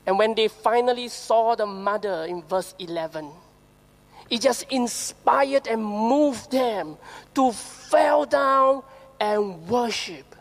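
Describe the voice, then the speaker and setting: A woman with a Singaporean English accent preaches a sermon in a fairly high voice, asking her listeners rhetorical questions. She slows down to read scripture aloud. Her words ring out with the long reverb of a church hall. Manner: lively storytelling with rhetorical questions, reads scripture slowly.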